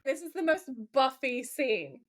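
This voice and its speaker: A woman's voice: high voice, big pitch swings, measured pace. A woman in her forties co-hosting a podcast, enthusiastically recapping a TV episode in casual chat and swearing now and then. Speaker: podcast co-host.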